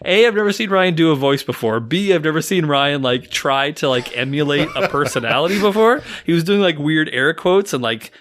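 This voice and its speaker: A man's voice: fairly high pitch, brisk, few pauses, fairly bright tone, a little hiss or hum. A young adult man hosting a podcast in casual chat, joking, laughing often and swearing freely. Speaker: podcast host.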